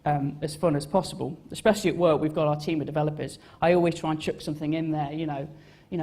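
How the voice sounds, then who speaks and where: Quick and mellow, with a fairly high pitch, a young man talks loosely about his design work before a live-event audience on stage. There's a lot of rambling and self-deprecation, along with frequent fillers and restarts.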